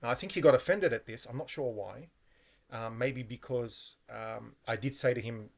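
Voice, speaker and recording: A man's voice: mid-range voice, normal speed, creaky. Man telling a story, rambling with self-corrections. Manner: meandering, with frequent fillers and self-corrections. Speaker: vlogger. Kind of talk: casual storytelling monologue.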